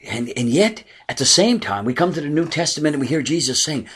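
A man preaching a sermon in earnest, rising for emphasis and dropping low and soft at times. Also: big pitch swings, brisk, few pauses, husky. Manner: earnest preaching, swelling and dropping to near whispers. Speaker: pastor.

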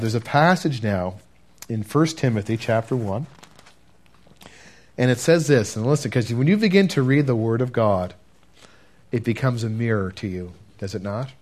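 A man preaching a sermon and telling his testimony earnestly, talking straight to the congregation and dropping to a hush at key moments. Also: medium pitch. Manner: earnest, addresses listeners directly, swings from loud to hushed.

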